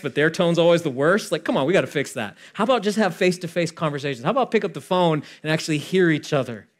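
Animated man preaching a casual sermon. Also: on the high side. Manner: animated and conversational, acting out dialogue, swinging from loud to hushed. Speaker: pastor.

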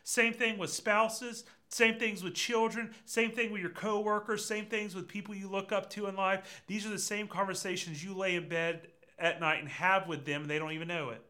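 A man's voice: high-pitched, normal speed, hardly any pauses. A man preaching a conversational sermon, speaking directly to his listeners. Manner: lively and conversational, addresses congregation directly. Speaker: pastor.

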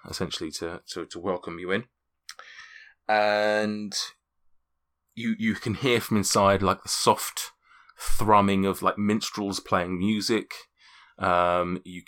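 A man narrating a tabletop game as game master, halting with many fillers and restarts. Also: sits low, bright, forceful tone.

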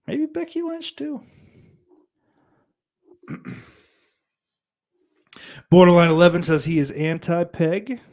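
A man's voice: high voice, big pitch swings, slow, pauses often, a little mellow. Crude, giggly man doing a put-on Irish accent. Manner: crude, giggly, swears a lot, reads chat aloud. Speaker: livestream host reading chat. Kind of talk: casual stream chat.

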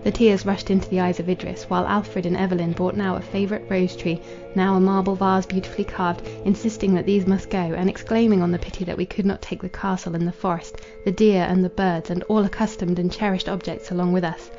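A woman reading a classic novel aloud as a podcast narrator, in a measured, formal manner. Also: lowish voice, little pitch movement. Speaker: audiobook narrator. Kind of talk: scripted literary narration. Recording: dull lo-fi with faint music.

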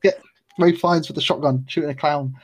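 A man's voice: fairly high pitch, fairly even intonation, brisk. A man co-hosting a podcast, chatting casually in a rambling, enthusiastic, slangy way. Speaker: podcast co-host. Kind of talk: casual chat.

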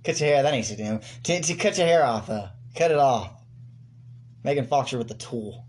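A man's voice: medium pitch, moderate pace, darkish tone. A man co-hosting a podcast, ranting and mocking in crude, casual banter. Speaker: podcast co-host.

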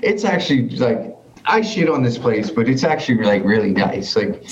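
A man's voice: medium pitch, very animated, moderate pace. A man from southern Alberta with a Canadian accent, chatting as a podcast guest and telling laid-back, profane stories. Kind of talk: casual chat. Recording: roomy, dull lo-fi sound.

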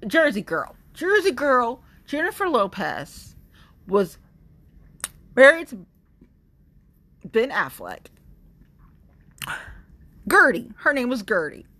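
A young woman talking in a casual monologue, rambling and animated, with blunt opinions and lots of fillers. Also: a little high. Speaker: vlogger sharing opinions.

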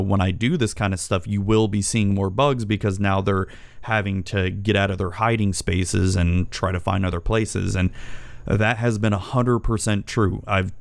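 A man's voice: lowish voice, vocal fry, clear, resonant tone, no echo. A middle-aged man casually ranting as a vlogger, profane, rambling and exasperated as he tells a story. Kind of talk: casual rant. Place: home.

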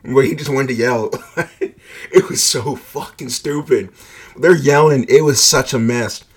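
A man tells a personal story in a laid-back way, swearing freely, leaning heavily on "like" and laughing as he goes. His voice is medium-pitched and slightly rough, and he's unhurried.

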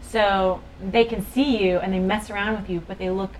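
A woman in casual podcast chat, animated and swearing freely, telling stories with lots of fillers. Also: mid-range voice, moderate pace, slight background noise, low-quality recording.

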